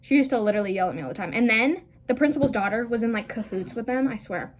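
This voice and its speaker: A woman's voice: fairly high pitch, lively intonation, fast, slight background noise. A young woman telling a casual storytime vlog, rambling with lots of "like" fillers and blunt, profane asides. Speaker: vlogger.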